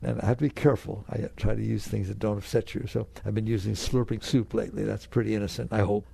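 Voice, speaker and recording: A man's voice: on the low side, level tone, fast talker, gravelly, mellow, husky, dry recording. A man teaching on spirituality in a casual, earnest way, repeating phrases to press his point and acting out anxious inner voices. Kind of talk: conversational spiritual talk.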